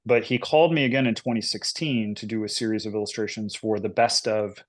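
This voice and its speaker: A man's voice: fairly low pitch, steady tone, a little fast. A man in his forties, an illustrator and guest, telling his career story in a rambling, casual way full of fillers. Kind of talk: casual interview chat.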